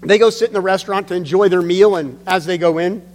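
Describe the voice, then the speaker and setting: A male pastor preaches in an earnest storytelling manner, his voice a little high. The recording has a long hall reverb and a faint hum underneath. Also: quick pace, darkish tone. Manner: earnest storytelling with emphatic drops. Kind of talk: sermon.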